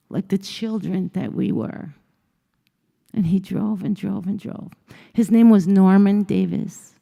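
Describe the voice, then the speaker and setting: A woman speaker on a conference stage, her voice mellow and slightly gravelly. She tells a personal story with lively energy and slips into different voices for each character. The sound carries a long reverb from a large hall. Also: mid-range voice. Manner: vivid storytelling, acting out dialogue with shifting voices. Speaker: motivational speaker. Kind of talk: storytelling keynote speech.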